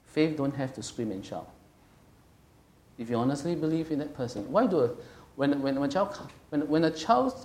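A man's voice: a little high, animated, brisk, a little mellow. A middle-aged man preaching a sermon as a pastor, conversational and emphatic, often checking in with his listeners. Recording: echoey room.

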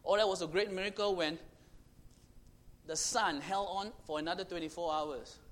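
A man with a high-pitched voice preaches a sermon. He moves between booming proclamations and hushed, close passages, and drives his points home by repeating phrases. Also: fairly even intonation, normal speed. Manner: swings from loud proclaiming to hushed intimate tones; repetitive, emphatic phrasing.

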